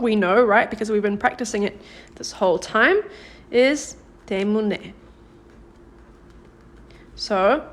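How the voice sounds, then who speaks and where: A woman teaching a live-streamed grammar lesson, patient and encouraging, praising viewers by name and slowing down to model example sentences. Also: a little high. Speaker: Korean language teacher.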